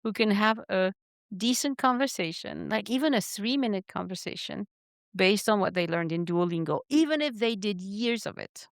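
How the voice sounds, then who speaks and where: A woman's voice: mid-range voice, expressive, normal speed, no echo, clean studio sound. A woman hosting a podcast interview, frank and emphatic in her opinions, speaking English as a learned language. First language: not English. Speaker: podcast host. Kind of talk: interview conversation.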